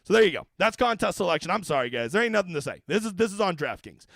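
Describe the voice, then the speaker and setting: A man's voice: sits high, sing-song, fast, vocal fry, a bit bright, no room sound. A man hosting a fantasy golf livestream in a casual, profane, ranting way, with brash jokes aimed at his viewers. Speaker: daily fantasy golf streamer.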